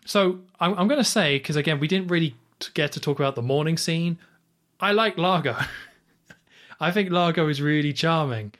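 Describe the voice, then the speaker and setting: A man with a fairly high, fairly bright voice talks at a moderate pace. Co-hosting a podcast, he chattily summarizes a movie scene with lots of "like" and playful quoted reactions.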